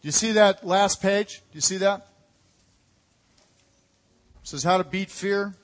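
A man preaching a sermon as pastor, energetic and conversational, calling out to his congregation. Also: high-pitched, unhurried. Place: church hall. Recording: echoey hall.

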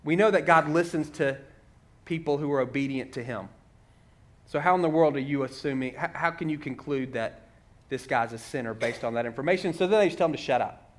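A man's voice: fairly high pitch, fairly quick. A man preaching a sermon in a conversational way, walking through a story and asking many rhetorical questions.

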